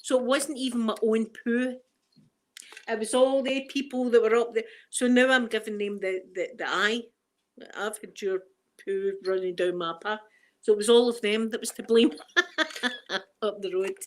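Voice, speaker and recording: A middle-aged Scottish woman talks loosely on a live stream, answering the chat and breaking into laughter often. Her voice sits a little high for a woman. She rambles in a relaxed, unscripted way. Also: moderate pace. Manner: chatty, laughs often, reads chat aloud. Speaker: ASMR streamer.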